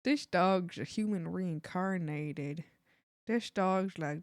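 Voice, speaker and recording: A woman's voice: lowish voice, slow, no room sound, clean studio sound. A woman streamer chatting casually while she reacts to videos, giggling and swearing freely.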